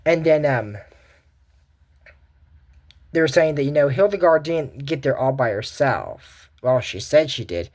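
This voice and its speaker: A man hosts a casual cartoon episode recap and rambles through it with restarts and side comments. His voice sits at an ordinary middle pitch for a man. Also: animated, unhurried, pauses often, darkish tone. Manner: rambling, many restarts and asides. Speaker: video host.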